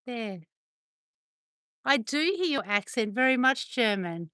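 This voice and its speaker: A woman's voice: fairly high pitch, lively intonation, takes it slowly, long pauses, sharp tone, dry recording. A middle-aged woman with an Australian accent, chatting casually with viewers and cooing affectionately at her dogs. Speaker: livestream host. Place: home with dogs, indoors.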